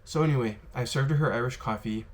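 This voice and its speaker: A man casually telling stories to the camera about his bartending days, rambling and filling pauses with "um" and "you know". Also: mid-range voice, a little hiss or hum. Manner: rambling, filler-heavy, lots of "you know" and "um". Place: worked in Las Vegas.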